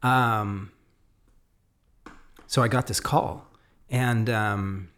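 A man's voice: fairly low pitch, drawn-out words. A man, a podcast guest, telling a story in a casual way, acting out the dialogue of the people in it. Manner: animated, acts out quoted dialogue; frequent fillers and restarts.

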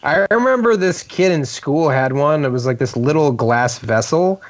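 A man's voice: fairly high pitch, lively intonation, moderate pace, no echo. A man, a comedian co-hosting a podcast, chatting casually and rambling with lots of filler words. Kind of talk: casual chat. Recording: dull lo-fi podcast audio.

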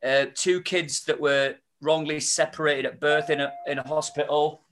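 A man's voice: fairly high pitch, steady tone, normal speed, a bit bright, slight background noise. A man, chatting as a podcast guest, rambling with many restarts and fillers. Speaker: podcast guest, spoken-word performer. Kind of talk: casual podcast chat.

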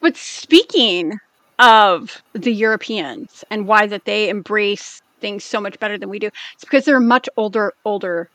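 A woman from the United States co-hosting a podcast in casual chat, blunt and swearing freely, talking in quick bursts. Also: mid-range voice, a bit bright, dry recording. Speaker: podcast co-host.

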